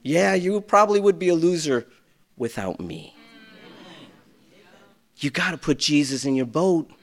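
Animated, high-voiced male preacher. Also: a little slow. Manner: animated, swings from loud to hushed; self-deprecating humor. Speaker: pastor. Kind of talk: sermon.

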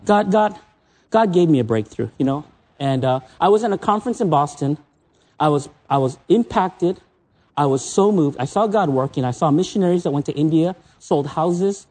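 This is an American man in his fifties preaching from a stage. His voice is fairly high for a man and swings widely in pitch. He tells stories in a chatty way and often stumbles over repeated words. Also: animated, moderate pace, a little mellow. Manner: conversational storytelling, repeats words. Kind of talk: sermon. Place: stage under spotlights.

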